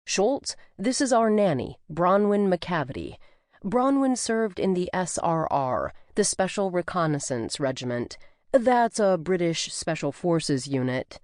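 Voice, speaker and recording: A woman's voice: lowish voice, big pitch swings, unhurried, darkish tone, no echo, studio quality. A woman narrator voicing a courteous male detective who introduces his guests, in an audiobook. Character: calm man, a police detective and husband.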